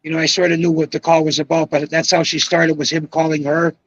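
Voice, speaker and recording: A retired bowling pro in his seventies guests on a casual podcast, telling long, rambling stories full of emphatic asides. His voice is fairly high, delivered flatly at a quick pace, in a dry recording with the highs cut off.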